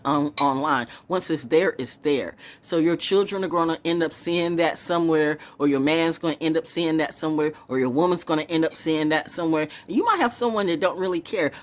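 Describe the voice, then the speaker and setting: A woman vlogging in a casual, rambling monologue, swinging from hushed asides to excited exclamations. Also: sits low. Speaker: spiritual vlogger, oracle reader.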